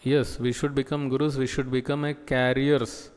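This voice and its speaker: A man giving a scripture class as a preacher, talking slowly with many pauses and fillers. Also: mid-range voice, little pitch movement, a little mellow, clean tone, long reverb tail. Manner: slow, halting delivery with many pauses and fillers. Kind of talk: sermon. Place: temple hall.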